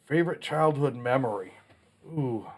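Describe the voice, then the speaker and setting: Blunt, down-to-earth man in his 40s, mid-pitched, casual solo vlog delivery. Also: lively intonation, normal speed, a little mellow, husky. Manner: blunt, plainspoken, mildly profane. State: has the hiccups. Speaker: channel host answering a Q&A.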